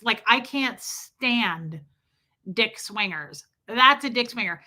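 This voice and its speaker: A woman hosting a casual livestream, reading out viewer comments and telling stories in a profane, animated way. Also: fairly high pitch, slow. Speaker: livestream host.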